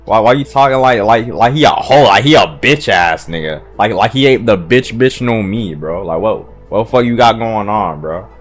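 A man hosting a manga reaction, talking casually, profanely and excitably, with stammered restarts and sudden loud outbursts. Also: fairly low pitch, moderate pace, few pauses, soft background music.

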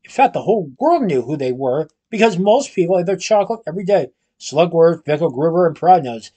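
A man reading a children's storybook aloud at a steady pace, occasionally restarting a phrase. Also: fairly high pitch, brisk. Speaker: storybook reader.

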